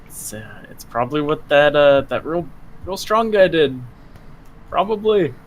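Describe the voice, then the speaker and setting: Slow, hesitant male player. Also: on the high side, lively intonation, poor audio. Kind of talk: casual tabletop play.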